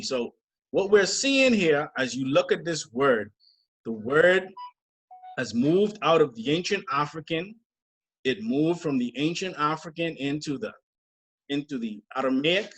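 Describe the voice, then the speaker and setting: A middle-aged man leading a scriptural study, deliberate and emphatic, spelling out word origins. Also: a little high, fairly bright tone. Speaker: church teacher.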